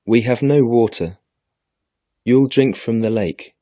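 A man's voice: medium pitch, takes it slowly, mellow, no room sound, studio quality. A man voicing a young boy who teases his little sister in a storybook lesson. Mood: teasing. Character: teasing young boy, older brother.

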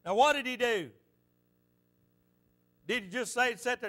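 Man, pastor, fervent sermon, very high pitch, bright sharp voice, storytelling. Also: unhurried, pauses often. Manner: fervent, repetitive preaching with storytelling.

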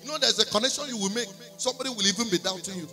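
A man's voice: high voice, very fast, faint music behind. A man with a Nigerian accent preaching a sermon in church, telling a testimony and slipping into pidgin. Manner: storytelling, slipping into pidgin, rising to shouts and singing. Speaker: prophet preaching. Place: church service.

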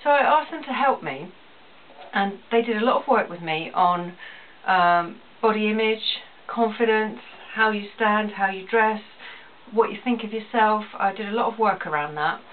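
A woman's voice: medium pitch, normal speed. Woman vlogging on tinny audio. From England. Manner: earnest and emotional, repeats phrases. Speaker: small business owner vlogging. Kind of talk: personal vlog to camera. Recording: tinny phone-like audio, distant, faint hiss.

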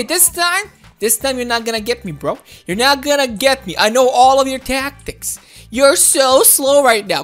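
Woman gaming host, very high and bouncy voice, excitable running commentary over faint game music. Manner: excitable, exclaiming and laughing at the game.

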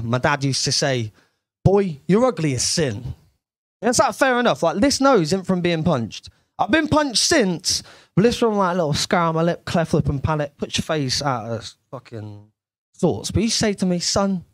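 A man's voice: on the high side, no room sound, studio quality. A young man doing a brash, sweary stand-up comedy set on a club stage.

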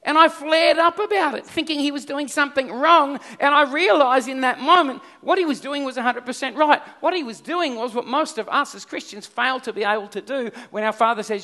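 A middle-aged Australian man delivers a sermon in a high voice. His tone is bright and forceful, and he tells stories with lively energy, circling back over his points. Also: fairly quick, hardly any pauses. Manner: storytelling, animated, repeats himself. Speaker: pastor.

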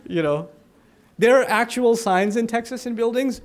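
A man's voice: very high-pitched, moderate pace. A man giving a conversational religious lecture, explaining verses with joking asides and acted-out little dialogues. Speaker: Islamic speaker.

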